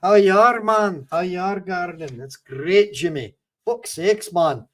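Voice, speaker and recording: A man's voice: high-pitched, a little slow. A man putting on a Glaswegian accent, playing a chummy Scottish man who calls everyone mate. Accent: put-on Glaswegian. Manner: matey, calls everyone mate, loud and uneven.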